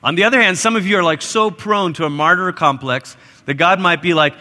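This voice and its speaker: A man preaching a sermon as pastor, animated and acting out quoted voices with big jumps in pitch. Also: brisk, hardly any pauses. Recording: live church hall reverb.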